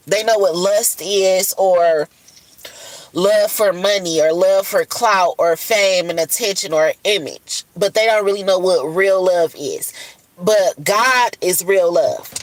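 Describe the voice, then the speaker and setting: A mid-range female voice comes through a dry, low-quality phone recording as she hosts a casual livestream. Exhausted and puffy-eyed from crying, she swears bluntly while rambling on about love and looking after herself.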